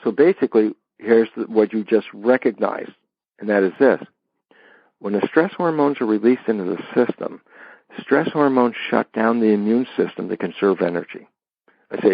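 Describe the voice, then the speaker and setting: A man being interviewed, explaining ideas with lively stories and acted-out dialogues. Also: lowish voice, normal speed, vocal fry, no room sound, dull audio. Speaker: interview guest. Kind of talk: animated explanatory interview talk.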